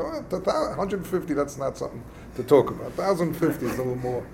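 A man teaching a casual text study lesson, explaining passages in a halting, conversational way and acting out quarrels. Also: fairly high pitch, lively intonation, vocal fry, darkish tone, slight background noise. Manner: halting, explains texts plainly and acts out quarrels. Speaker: religious teacher.

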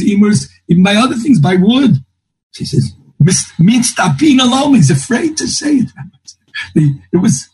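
A man's voice: high voice, a little mellow, breathy edge, poor audio. A man teaching a Talmud class, thinking aloud and quoting texts in a lilting singsong. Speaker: Torah teacher.

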